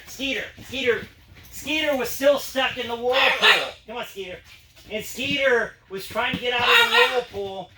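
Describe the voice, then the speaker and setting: A man performing a dog trick show, telling a rambling story and breaking off to cue his dogs. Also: very high voice. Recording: roomy, distant mic, background noise.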